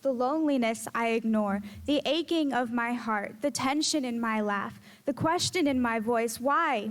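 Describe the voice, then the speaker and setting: A teenage girl reading her own poems aloud in a measured, earnest way. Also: high voice. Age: teens. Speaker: student poet. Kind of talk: poetry reading.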